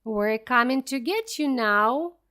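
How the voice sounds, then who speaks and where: Woman voicing a short, mean pot-bellied farmer, yelling, high lively voice. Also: slow, clear, resonant tone, full character voice. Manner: yelling threats.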